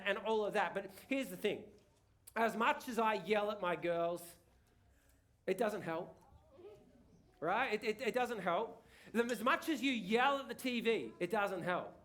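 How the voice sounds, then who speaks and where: Male pastor, middle-aged, high-pitched, casual rambling preacher who keeps restarting his sentences. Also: fairly bright tone. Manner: chatty, rambling with many restarts and tag questions. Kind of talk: casual sermon. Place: church hall.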